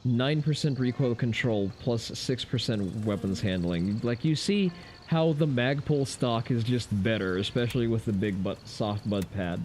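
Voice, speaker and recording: A man's voice: medium pitch, measured pace, darkish tone, slight background noise. A man giving loose, profane gameplay commentary on a stream, with wry asides to his chat. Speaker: game streamer.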